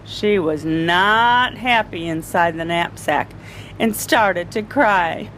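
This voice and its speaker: A woman reading a children's story aloud to a group, slow and expressive. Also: lowish voice, slight background noise, poor audio. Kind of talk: picture-book read-aloud.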